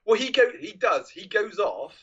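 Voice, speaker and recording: A man co-hosting a film podcast, retelling scenes in a lively way and acting out the lines with frequent laughs. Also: high voice, normal speed, husky. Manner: animated retelling, acts out scenes, laughs often. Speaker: podcast co-host. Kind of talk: casual film chat. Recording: dull lo-fi mic recording.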